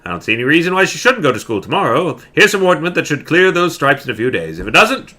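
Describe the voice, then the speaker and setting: A fussy, excitable storybook doctor, put on by a man with a raised, bright voice that jumps about. He exclaims loudly and rattles off symptoms. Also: fairly high pitch, quick pace, pitched above the performer's own voice, exaggerated voice. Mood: brisk.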